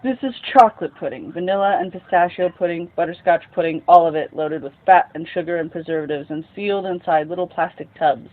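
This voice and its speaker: A man hosting a story time show, reading a novel aloud in a casual, unhurried way with lively bursts. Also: a little high. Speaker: storyteller host. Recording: tinny phone-like sound.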